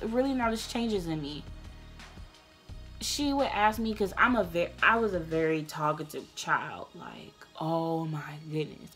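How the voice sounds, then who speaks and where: Earnest young woman telling her story. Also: fairly low pitch. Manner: earnest, emotional, gets loud and passionate; loose, rambling, many restarts. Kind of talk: candid personal storytime.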